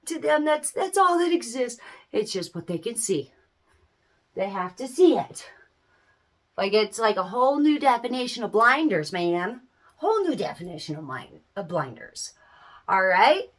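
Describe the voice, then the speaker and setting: A middle-aged woman chats to camera with lots of up-and-down in her voice, sitting a little high for a woman. She talks in a folksy, animated way, often laughing and tossing in a casual "man.". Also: measured pace. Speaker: small business owner giving parenting advice.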